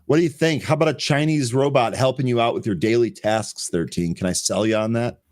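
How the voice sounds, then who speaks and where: A man's voice: mid-range voice, a little mellow. Chatty man hosting live market commentary. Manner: reads headlines aloud and checks charts while chatting; chatty, quick to laugh. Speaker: host of a pre-market trading show.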